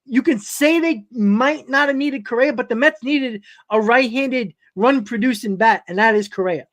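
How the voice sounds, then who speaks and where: A man's voice: very high-pitched, normal speed, a bit bright. A man with a New York accent hosting a live-stream sports talk show, rambling and often correcting himself as he answers his chat. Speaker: host.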